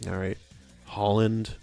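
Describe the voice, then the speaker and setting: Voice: low-pitched, mellow. A streamer from Texas, giving playful, giggly commentary while playing a game and sounding out German ride names.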